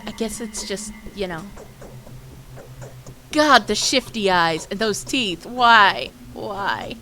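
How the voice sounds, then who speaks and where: A woman's voice: mid-range voice, pushed and bright, slight background noise, rough recording. A woman streamer giving casual live-stream commentary in a chatty, self-deprecating way, often trailing off into fillers.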